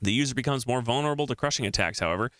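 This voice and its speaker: A man's voice: medium pitch, rapid-fire, fairly bright tone, no room sound, studio quality. A man streaming a game, casually thinking aloud and reading the text on screen.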